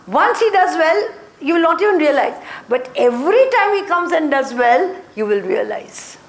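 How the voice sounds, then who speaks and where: High-voiced woman lecturing a class. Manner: short repeated phrases, checks in with listeners. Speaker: motivation trainer. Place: training classroom. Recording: echoey room.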